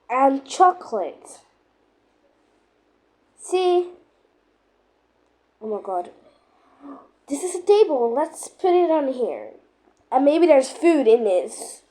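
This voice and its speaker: A woman narrating and voicing a playful game role-play in an excitable, dramatic way, full of exclamations. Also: sits high.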